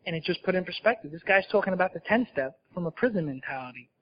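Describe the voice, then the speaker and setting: A man's voice: high voice, expressive, fast talker, dull audio. A man telling his recovery story at a meeting in a candid, self-mocking storytelling way. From New Jersey. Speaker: speaker sharing at a recovery meeting. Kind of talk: personal recovery talk to an audience.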